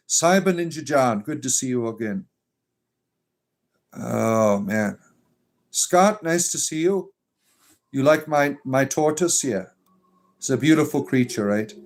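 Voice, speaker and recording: A man's voice: mid-range voice, a little mellow. A man hosting a pagan livestream, reading and answering chat comments in a sarcastic, exasperated way with lots of fillers. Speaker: pagan clergy livestream host.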